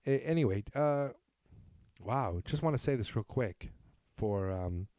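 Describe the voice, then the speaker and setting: With measured pacing and an expressive, mellow voice of medium pitch, this New England man reads listener emails on his casual solo podcast. He wanders off on self-deprecating tangents, and the recording is dry.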